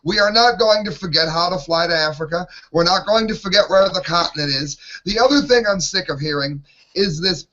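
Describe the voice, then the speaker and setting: A man's voice: sits high, a little fast, pushed and bright. A man ranting in an exasperated way while co-hosting an opinionated panel talk show, heard over lo-fi online call audio.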